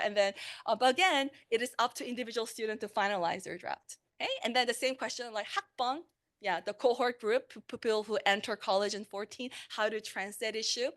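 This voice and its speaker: A woman's voice: fairly high pitch, animated, fast talker. A woman, a language instructor giving a conversational conference talk on teaching translation, with fillers and self-corrections. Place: conference room.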